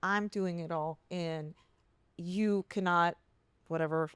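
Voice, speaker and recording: A woman co-hosting a podcast, telling a personal story in a rambling, animated way with many restarts and fillers. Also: slow, clean tone, no echo. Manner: jumps much higher when quoting her therapist, laughing and near tears. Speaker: podcast co-host. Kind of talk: casual chat.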